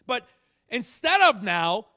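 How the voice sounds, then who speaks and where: Animated high-voiced male preacher. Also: slow. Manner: animated preaching, acts out rebukes with rising shouts. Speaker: pastor. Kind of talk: sermon.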